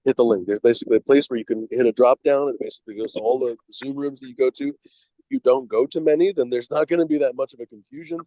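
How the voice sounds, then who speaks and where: A man's voice: medium pitch, fairly even intonation, mellow, no echo, poor audio. A man hosting a casual video stream, rambling and stopping often to find his words. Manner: rambling, halting with fillers. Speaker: show host. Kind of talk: casual livestream chat.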